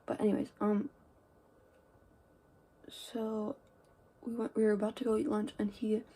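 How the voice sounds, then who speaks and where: Rambling teenage girl, mellow voice. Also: mid-range voice, level tone, unhurried, slightly rough. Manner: rambling, lots of "like" and "um", drifting into quiet asides. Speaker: vlogger. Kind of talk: casual get-ready-with-me storytelling.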